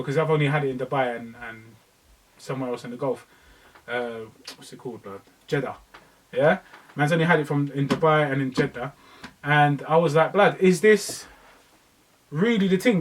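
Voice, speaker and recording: A young man, co-hosting a podcast in casual chat, telling stories in lively slang. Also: on the high side, moderate pace, pauses often, recorded from a distance, rough recording. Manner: slangy, animated storytelling. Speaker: podcast co-host.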